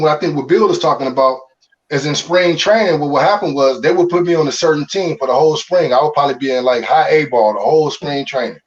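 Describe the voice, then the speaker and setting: Animated Chicago baseball veteran, distant, dull. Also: male voice, on the high side. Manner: loose, animated, slangy, frequent restarts. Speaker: former pro baseball player, guest. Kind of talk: candid interview storytelling.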